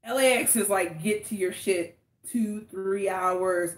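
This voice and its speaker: A woman from the Los Angeles area co-hosting a relaxed podcast, speaking in a mid-range voice. She is animated and laughs often, breaking off into restarts. Her voice rings in an echoey room. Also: medium pitch, takes it slowly. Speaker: co-host. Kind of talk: casual podcast chat.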